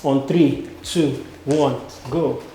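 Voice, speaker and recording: A man's voice: medium pitch, fairly even intonation, extremely slow, mellow. A man coaching acting students through stage combat drills, counting out moves and calling cues in a commanding way. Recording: echoey room with background noise.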